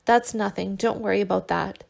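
A woman reader voicing a tender young man who gently coaxes and teases his sick lover in an audiobook. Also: medium pitch, steady tone, normal speed, vocal fry. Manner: gentle and coaxing, with soft teasing.

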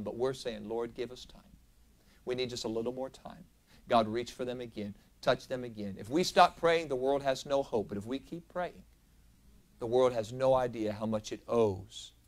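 A man preaching a sermon as pastor, moving from quiet, low lines to loud, emphatic peaks. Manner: dynamic preacher, swinging from soft lows to loud emphatic peaks. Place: church sanctuary.

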